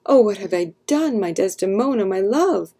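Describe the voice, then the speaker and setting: A jealous, hot-tempered general raises his voice, a notch higher than the reader's own, as a woman reading a storybook puts him on. Her voice stays mellow and slightly breathy. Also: animated, normal speed. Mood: grieving. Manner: shouting, raised voice.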